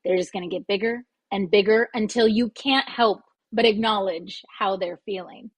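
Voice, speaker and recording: A woman talking casually as a podcast guest, lively and playful, often slipping into quoted voices. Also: medium pitch, normal speed, slightly rough, no room sound. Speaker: podcast guest explaining conflict styles. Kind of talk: casual interview talk.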